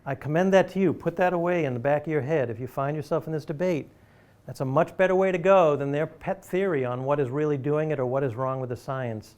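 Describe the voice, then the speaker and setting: A man's voice: fairly high pitch, fairly quick, a little mellow. A man giving a public lecture to an audience, talking in an emphatic, conversational and persuasive way. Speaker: university lecturer.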